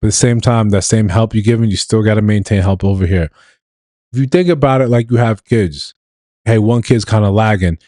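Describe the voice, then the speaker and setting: A man's voice: fairly low pitch, brisk, warm tone, no room sound. A man from New York hosting a casual live stream, talking loosely to his chat with laughs and restarts.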